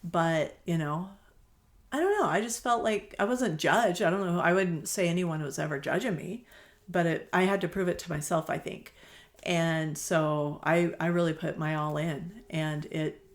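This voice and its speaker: A woman's voice: on the low side, normal speed. A middle-aged woman, a quilt shop owner, chatting as a guest on an interview podcast, telling stories and acting out the dialogue. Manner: chatty storyteller, acts out quoted dialogue, laughs easily. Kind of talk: casual conversational interview.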